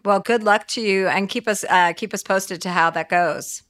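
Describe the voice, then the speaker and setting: A woman's voice: mid-range voice, normal speed, a bit bright. A middle-aged woman hosting an advice podcast, frank and wry, swearing casually as she chats. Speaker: podcast host.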